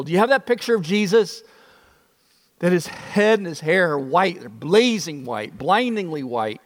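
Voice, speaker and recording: A male preacher delivering a sermon, emphatic and building through repeated phrases. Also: sits high. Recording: long reverb.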